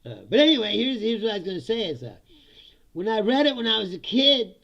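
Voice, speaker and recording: A middle-aged man with a gravelly, bright voice that swings up and down a lot as he rambles through a casual monologue. He laughs often and swears freely, like a host talking to his regulars. The sound is dull and lo-fi. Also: sits high, big pitch swings, fast. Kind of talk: casual live-stream monologue.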